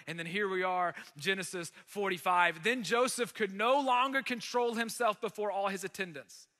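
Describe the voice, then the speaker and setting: Guy preaching, high voice, super bright, big reverby church hall. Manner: casual, animated storytelling with acted-out quotes. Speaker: pastor. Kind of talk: sermon retelling a Bible story.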